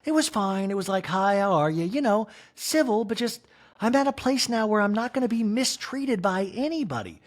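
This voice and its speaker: A man's voice: high-pitched, lively intonation, normal speed, voice pushed up. A man voicing a blunt, self-assured woman reality star who talks in an earnest, emphatic way.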